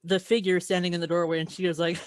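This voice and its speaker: A player improvising a spooky story in a game, hesitant and full of pauses. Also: mid-range voice, flat delivery, smooth, dry recording, clean studio sound. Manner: hesitant, many fillers.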